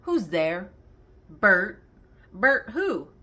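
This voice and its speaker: A woman's voice: mid-range voice, big pitch swings, very slow, pushed and bright. An older woman reading a children's joke book aloud, posing riddles and giving the answers, laughing along at the jokes. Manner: reads riddles then answers, laughing at her own jokes.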